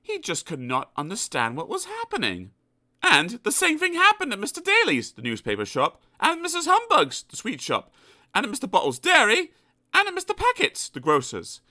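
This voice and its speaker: A man's voice: sits high, wildly swooping pitch, moderate pace, bright, forceful tone. A man narrating a children's storybook aloud with playful asides to the listener. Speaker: audiobook narrator.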